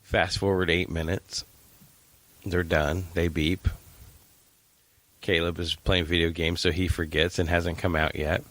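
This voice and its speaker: Middle aged guy on a podcast, lowish voice, dry close mic, tells stories loud and lively. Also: unhurried, pauses often, dry recording. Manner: animated storyteller, acts out quotes. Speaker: podcast co-host. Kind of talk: casual chat.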